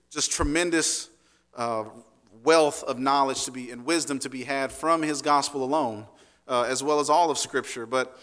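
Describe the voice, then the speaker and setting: A man's voice: medium pitch, sharp tone, long reverb tail. A man preaching a sermon in a conversational way, often checking in with "right?" and restarting phrases. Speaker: pastor.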